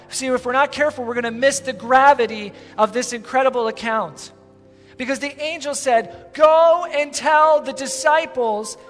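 A male pastor preaching a sermon with dramatic storytelling, swinging between loud and soft as he acts out scenes. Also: sits high, big-room sound. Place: church sanctuary.

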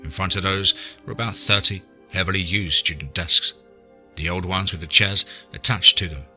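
A man narrating an audiobook story in a measured, scripted way. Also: low voice, steady tone, pushed and bright, faint music behind.

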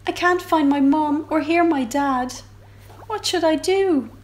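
A woman's voice: high voice, unhurried, slight background noise. A woman voicing a small, timid boy whale calf who is lost, in a plaintive little voice.

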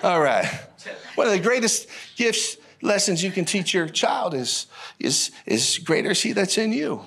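A male pastor preaching a sermon in an animated, folksy way, repeating phrases and calling out to the congregation. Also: high-pitched, unhurried. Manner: animated, repetitive, folksy preaching with audience call-outs.

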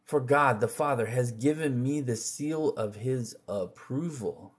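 A man reading scripture aloud in an unhurried, measured way, with occasional slips and restarts. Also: medium pitch, slightly rough. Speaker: scripture reader.

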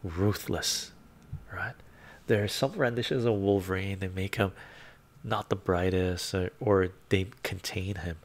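A man hosting a casual live stream, soft-spoken and laid-back, reading chat, chuckling often and drifting into whispers. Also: sits low, fairly even intonation, a little slow. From Canada.

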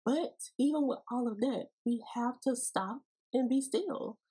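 Breathy woman teaching a devotional podcast. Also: a little high, measured pace, low-quality recording. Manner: folksy, animated Bible teaching with playful asides. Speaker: podcast host.

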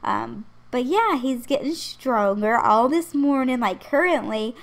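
Young woman, pregnant, fairly high voice, loose rambling voice-over chat, laughs often. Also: lively intonation, a little slow, vocal fry. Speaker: channel host. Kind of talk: casual voice-over chat over a game build.

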